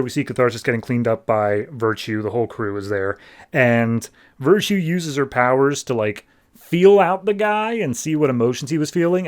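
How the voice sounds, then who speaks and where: A man in a relaxed podcast chat walks through a comic book's story, talking loosely and filling gaps with "like." Now and then he tosses off a quick mock voice for a character before slipping back into his everyday mid-pitched tone. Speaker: podcast host. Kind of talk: casual comic book recap.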